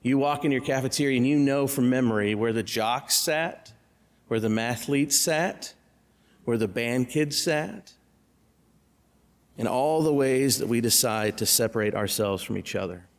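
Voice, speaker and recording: A man's voice: medium pitch, measured pace. A male pastor giving a sermon, telling stories with humor and talking directly to the congregation. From Central Illinois. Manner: storytelling with humor, conversational asides to the congregation. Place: church. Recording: long hall reverb in a church.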